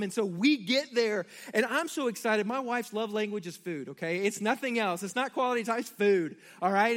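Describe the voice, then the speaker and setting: High-voiced man preaching a sermon. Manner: storytelling, animated, addresses the congregation directly. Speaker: pastor.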